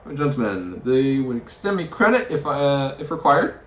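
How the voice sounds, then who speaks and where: Man, game let's play, reads text aloud, lively up-and-down pitch, roomy echo. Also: normal speed. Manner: muses aloud, stumbling over words and chuckling.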